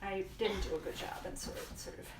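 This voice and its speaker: With a steady tone and a fairly quick pace, a woman in the mid-range hosts a casual live cooking demo in her home kitchen. She explains as she goes, often leaving sentences unfinished. Background noise, a roomy sound, and a far-off mic mark the recording.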